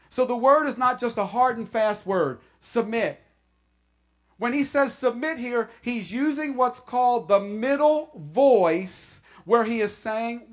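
A woman pastor preaching a sermon to her congregation, slow and emphatic, repeating key phrases. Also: fairly high pitch.

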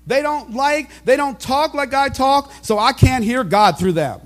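A male preacher delivering a fervent sermon, moving between quiet scripture reading and shouted rhetorical questions. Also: very high voice, slow pace, long pauses.

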